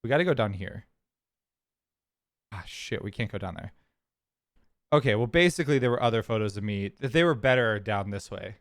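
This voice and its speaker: A man from California chats casually on his stream, rambling through a personal story as he clicks around. His voice sits on the low side, and the sound is close and dry with no room echo. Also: expressive, normal speed, long pauses. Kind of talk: casual chat.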